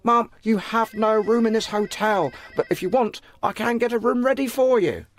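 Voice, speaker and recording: A man's voice: high-pitched, moderate pace, natural voice. A man voicing a talkative, suspicious hotel desk clerk in a dubbed drama. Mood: explaining. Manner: chatty, incredulous.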